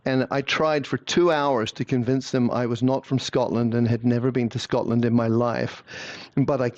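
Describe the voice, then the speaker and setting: A man in a conversational interview, telling lively stories and stumbling over repeated words as he begins phrases. His voice sits at an ordinary middle pitch. The sound is dry and a little dull, like a lo-fi recording. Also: moderate pace, no echo. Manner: animated storyteller, repeats words when starting phrases.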